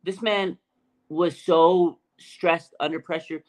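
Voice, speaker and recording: A man hosting a fan show, giving an energetic, emphatic sports talk monologue that repeats phrases and swings from low remarks to loud outbursts. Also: slow pace, rough recording.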